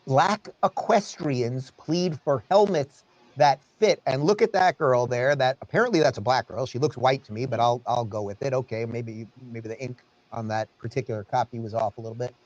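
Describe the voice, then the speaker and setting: A man hosting an opinion commentary show, speaking in a sarcastic, animated way. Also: medium pitch, normal speed, highs cut off.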